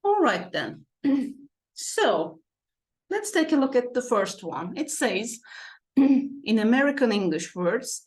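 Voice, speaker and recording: A native Turkish woman explains English vocabulary slowly and patiently, her fairly high voice rising and falling a lot. She often repeats words and checks back with the listener, like a teacher at the board. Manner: patient, repeats key words, asks "okay?" and "right?" often. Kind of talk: classroom-style explanation.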